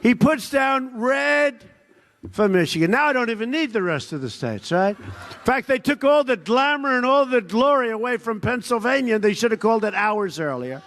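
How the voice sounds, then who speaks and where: A man's voice: very high-pitched, very animated, normal speed, a bit bright. A man giving a political rally speech, boastful and repetitive, mocking opponents and slipping into quoted voices. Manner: drops into quoted voices of others. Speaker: rally speaker.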